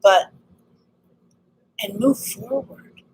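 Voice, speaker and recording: A woman with a slightly raspy voice talks excitedly and earnestly in a casual personal vlog about healing. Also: mid-range voice, extremely slow, a little hiss or hum, low-quality recording. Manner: earnest, excited, spiritual self-help talk. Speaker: vlogger.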